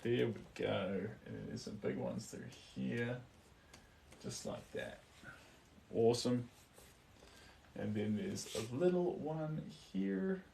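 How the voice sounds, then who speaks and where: Gravelly New Zealand man, distant mic. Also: medium pitch, sing-song, takes it slowly, pauses often, dark tone, a little hiss or hum. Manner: murmurs instructions to himself while painting, then reads viewer comments. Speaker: artist painting live. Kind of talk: casual live-stream painting chat.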